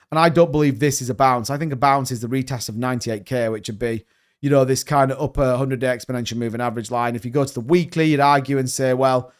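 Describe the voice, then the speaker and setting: A young man hosting a crypto live stream, talking fast and excitedly in a rambling, casual way while reading viewer comments. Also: mid-range voice, smooth.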